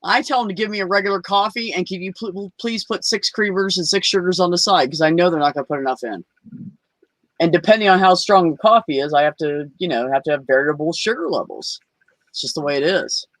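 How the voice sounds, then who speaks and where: A man's voice: sits high, brisk, fairly bright tone, dry recording. A man hosting a casual open-mic chat, joking and bantering. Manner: jokey, playful banter. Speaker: host.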